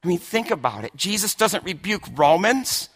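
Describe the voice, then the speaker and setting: A man preaching a sermon with emphasis, often repeating words and swinging from hushed lines to shouted ones. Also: high-pitched, big pitch swings, moderate pace, husky. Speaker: pastor.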